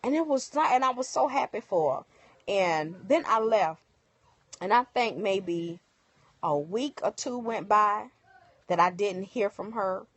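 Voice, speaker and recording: A woman telling viewers a personal story in casual, animated speech, acting out the other people's lines. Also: mid-range voice, measured pace, breathy edge, no room sound. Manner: emotional, animated retelling with quoted dialogue. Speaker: livestream host. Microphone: phone.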